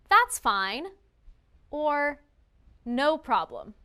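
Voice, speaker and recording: Bright, lively-voiced woman teaching grammar. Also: sits high. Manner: clear, slow, emphatic delivery of example phrases. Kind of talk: scripted lesson narration.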